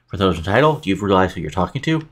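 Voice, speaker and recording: A cocky male wrestling champion, as a man puts him on in a game playthrough, boasting about himself in the third person. His voice sits low and his delivery is quick. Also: big pitch swings, a bit bright, exaggerated voice. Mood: boastful.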